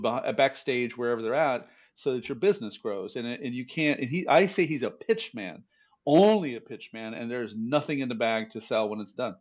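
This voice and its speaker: A man's voice: medium pitch, dull audio. A male host chatting casually and conversationally, swapping family stories with his guest. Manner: relaxed, conversational, laughs easily. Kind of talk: casual interview chat. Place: in Kyiv.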